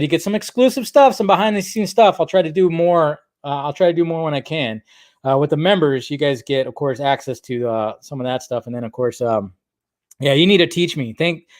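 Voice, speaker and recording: A man closing out his livestream in a loose, casual sign-off. He rambles and throws in crude jokes. His voice sits somewhat high for a man. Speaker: livestream host.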